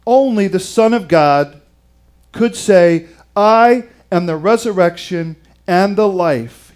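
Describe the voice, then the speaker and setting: A male preacher with a notably high voice. He delivers a sermon with dramatic swings, dropping into quiet, slow phrases for weight and putting questions to his listeners. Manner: dramatic dynamics, dropping to hushed tones for emphasis; asks the audience questions. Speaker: pastor.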